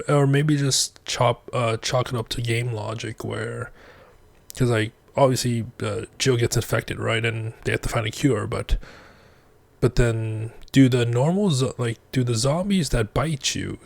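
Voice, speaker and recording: A man's voice: mid-range voice, unhurried, vocal fry, dry recording. A man giving casual reaction commentary as a vtuber, rambling and thinking aloud with many fillers.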